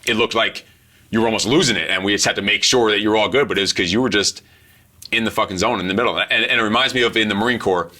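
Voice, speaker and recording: A man, a former Marine instructor, interviewing a graduate in a casual, profane, storytelling way. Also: lowish voice. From United States. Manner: profane, storytelling, fast and animated.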